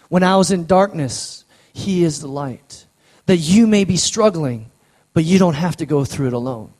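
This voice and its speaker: Earnest higher-voiced male preacher. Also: darkish tone. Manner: earnest, slows down to stress key words. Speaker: pastor. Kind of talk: sermon. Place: church sanctuary.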